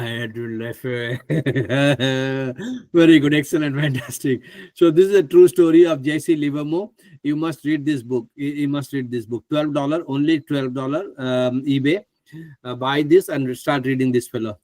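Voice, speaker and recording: A man presenting a live online trading class, chatty and excitable, who laughs often and stumbles over names. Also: medium pitch, moderate pace, no room sound. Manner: stumbles over names, asks others to pronounce them.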